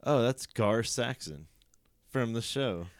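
A man's voice: medium pitch, expressive, takes it slowly, no room sound, studio quality. A man co-hosting a podcast, chatting casually and laughing a lot. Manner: giggly, playful. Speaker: podcast co-host.

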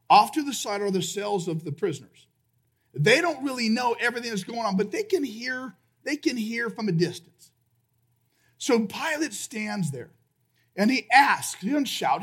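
A male pastor preaching a sermon, retelling the story dramatically and acting out the shouts of a crowd. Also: high-pitched, husky. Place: church sanctuary.

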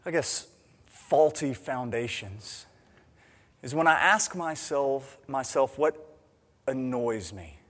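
A man preaching a sermon as a pastor, emphatic, swinging between loud urgency and quiet intimacy. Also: mid-range voice, animated, slow pace, pauses often. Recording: long hall reverb.

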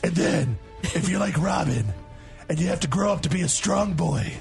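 A man doing an impression of a gruff, brooding male superhero with a gravelly growl, reading menu specials with a strained throat. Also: high-pitched, expressive, moderate pace, faint music behind, exaggerated voice. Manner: mock-serious waiter reading specials. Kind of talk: on-the-spot impression.

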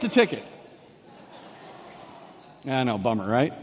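A young man preaching a sermon as a pastor, telling a comic personal story with lively, animated delivery and shifting pace. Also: high voice, normal speed, in a large hall, a little hiss or hum. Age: young adult.

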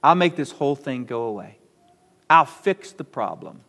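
A scornful queen barks orders at her sulking husband in a flat, commanding tone, as a man puts her on. Her low voice rings with a long church reverb. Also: normal speed. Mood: bossy. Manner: condescending, commanding. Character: bossy condescending queen, scornful wife.

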